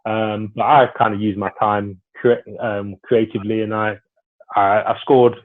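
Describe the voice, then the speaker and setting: A man's voice: on the low side, little pitch movement, measured pace. A man, a former footballer telling stories in a casual, rambling way with lots of restarts. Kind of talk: casual storytelling interview. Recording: phone-like narrow sound.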